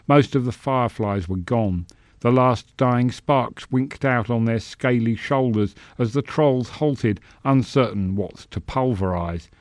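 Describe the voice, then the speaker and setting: A man reads a fantasy tale in measured, expressive narration with a middle-pitched voice. The sound is dry and close, with no room around it. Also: dry recording. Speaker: story narrator. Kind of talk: scripted narration.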